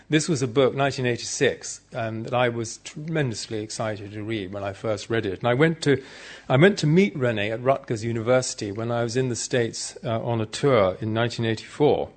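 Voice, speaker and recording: A man's voice: mid-range voice, darkish tone. Guy chatting thru a conference talk, easygoing and good-humored, talks right to the crowd. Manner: chatty, addresses the audience directly. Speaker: conference speaker.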